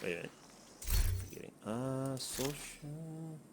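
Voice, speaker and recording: A man's voice: medium pitch, measured pace. A man giving casual, rambling commentary while he plays, chuckling and swearing freely. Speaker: gameplay commentator. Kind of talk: casual running commentary over gameplay. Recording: noticeable background noise.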